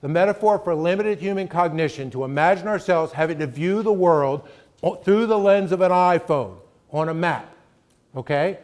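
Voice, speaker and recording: A man's voice: fairly high pitch, moderate pace, a little mellow. Emphatic middle-aged male lecturer. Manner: emphatic, keeps checking in with "right?". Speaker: guest lecturer. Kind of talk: conversational college lecture.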